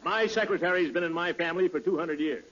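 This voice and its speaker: A man's voice: on the high side, fast talker, very noisy. A man playing a pompous, blustering neighbour in a 1940s radio comedy. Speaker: guest comedian in radio sketch. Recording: dull old radio recording.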